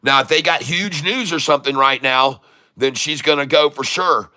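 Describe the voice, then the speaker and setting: A man's voice: on the high side, moderate pace, sharp tone. A man live-streaming day-trading commentary, joking with chat and laughing often, then repeating urgent warnings to viewers. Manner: jokey, laughs often while reading chat.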